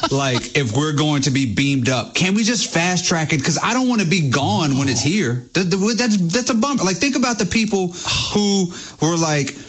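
A man's voice: a little high, animated, normal speed, few pauses, breathy edge. Rambling, impatient male co-host. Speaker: radio co-host. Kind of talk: sports radio talk. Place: radio studio.

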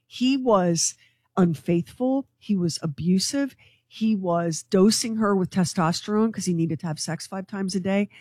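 A woman co-hosting a radio show, relaying a story with eager, gossipy excitement. Her voice sits in a middle register and is picked up by a close mic in a dry, dead studio with no room echo. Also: mid-range voice, measured pace. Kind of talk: morning radio show chat, telling a news story.

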